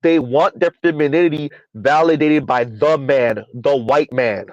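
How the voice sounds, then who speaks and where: A man's voice: a little high, unhurried, darkish tone, dry recording. Emphatic man streaming commentary, dull audio. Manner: emphatic and preachy, repeats lines for effect. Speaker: livestream commentary host. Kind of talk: live-streamed opinion commentary reading viewer comments.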